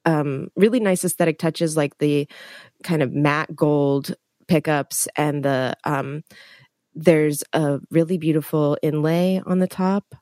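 A woman hosting a podcast, asking questions in a relaxed, curious way with a few ums. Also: deep voice, slow pace, no room sound, clean studio sound. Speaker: podcast host. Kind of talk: casual interview chat.

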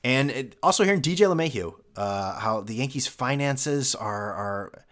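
A man's voice: medium pitch, animated, moderate pace, fairly bright tone. A young man hosting a solo sports podcast, ranting in a sarcastic, mocking way. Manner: sarcastic, mocking, with mimicked fan voices. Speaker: podcast host.

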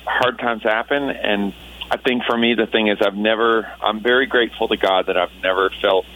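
Earnest reflective man, lower voice. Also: steady tone, normal speed, fairly bright tone, slight background noise, low-quality recording. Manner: earnest and reflective, with many restarts. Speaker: Christian musician guest. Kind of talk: casual radio interview.

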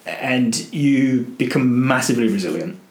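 A man guesting on a podcast, telling an adventure story in an animated way, acting out voices and restarting his sentences. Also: mid-range voice, moderate pace, echoey room. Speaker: guest, adventurer and motivational speaker.

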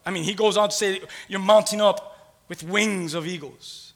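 A man preaching a sermon with passion, swinging between hushed, intimate lines and loud, rising calls, repeating phrases rhythmically and calling on the congregation to respond. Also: sits high, normal speed. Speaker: pastor.

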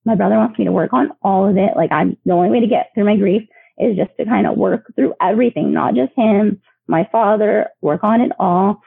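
Husky woman on a tinny phone line. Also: medium pitch, brisk, no room sound. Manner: chatty, many fillers, laughs often. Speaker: podcast guest. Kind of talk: personal storytelling.

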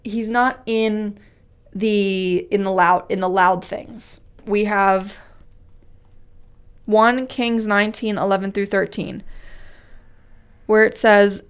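A woman giving a devotional Bible teaching, earnest and conversational, who repeats key phrases for emphasis and reads scripture slowly and weightily. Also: medium pitch, steady tone, smooth. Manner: reads scripture aloud with slow, weighty delivery. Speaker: speaker teaching a Bible study.

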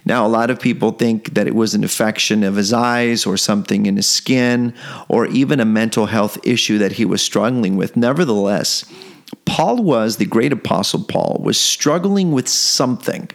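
A man's voice: lowish voice, moderate pace, gravelly. A man preaching a devotional sermon, earnest, repeating phrases and building toward fervor.

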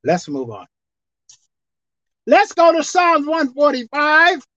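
A woman pastor preaching a sermon, swinging from soft, quiet asides to shouted emphasis. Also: high voice, wildly swooping pitch, slow pace, no room sound. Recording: dull dry sound.

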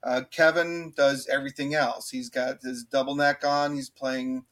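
A man co-hosting a podcast, reviewing an album with many pauses and restarts but plenty of enthusiasm. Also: mid-range voice, little pitch movement, a bit bright. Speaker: podcast co-host. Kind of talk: casual album review chat.

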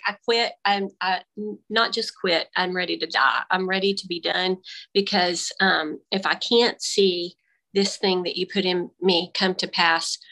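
Speaking through AirPods on a remote call, a woman appears as a guest and shares her faith testimony in casual conversation, animatedly acting out her own dialogue. Her mid-range voice has a sharp tone, and the audio quality is poor.

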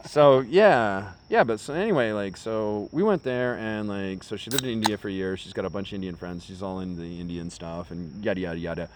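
Male American co-host, rapid, low-ish, profane casual storyteller, outdoor recording with light insect noise. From United States. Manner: rambling storyteller, swears freely. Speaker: podcast co-host. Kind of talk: casual chat. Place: outdoors in a park.

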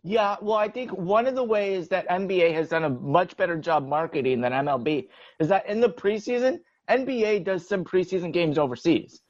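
A young man co-hosting a casual sports podcast, rambling in a relaxed way with lots of "like". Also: high voice, a little fast, hardly any pauses, no echo, dull audio. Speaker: podcast co-host.

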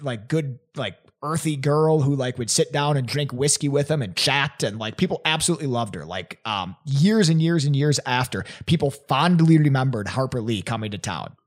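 A young man telling a story in casual chat, animated and laughing often, with many "like" fillers. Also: medium pitch. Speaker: podcast guest presenting a theory.

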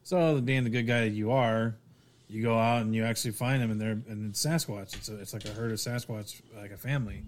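A man's voice: steady tone, a little fast. A man in casual podcast chat, rambling through a story and acting out the quotes in it. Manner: rambling storyteller, acts out quotes with raised pitch.

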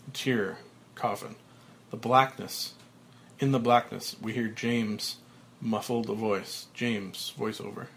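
Brief: male reader, mid-pitched, slow and level script reading. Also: vocal fry, slight background noise. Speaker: podcaster. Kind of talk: reading a screenplay aloud.

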